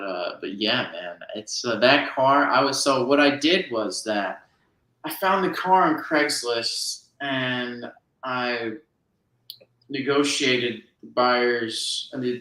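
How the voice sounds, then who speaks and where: A bright-voiced man from New Jersey rambles through a casual chat, piling up restarts as he goes. His voice rings a little in an echoey room. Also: medium pitch. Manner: rambling, full of restarts and fillers.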